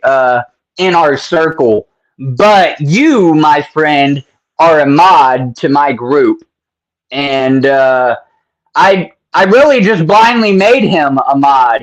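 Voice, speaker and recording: A man hosts a casual interview, friendly and talkative, laughing and throwing in slang. His voice sits somewhat high for a man, and he rambles loosely as he works through his questions. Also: rough recording. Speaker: interview host.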